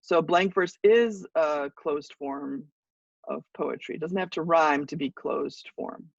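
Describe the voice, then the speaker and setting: A woman teaching a college English class, explaining patiently with pauses and now and then clearing her throat. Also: low voice, no room sound, muffled recording. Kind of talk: class lecture.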